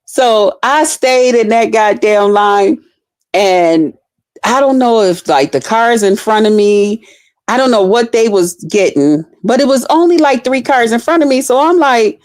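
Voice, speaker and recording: A woman's voice: on the high side, expressive, measured pace, a little mellow, no echo, studio quality. A woman telling a story in a casual, blunt way, swearing freely and laughing as she talks.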